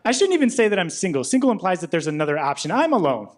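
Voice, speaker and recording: A man in his thirties doing a deadpan stand-up set on a club stage into a handheld mic. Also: high-pitched, very fast, background noise. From Illinois. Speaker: stand-up comedian.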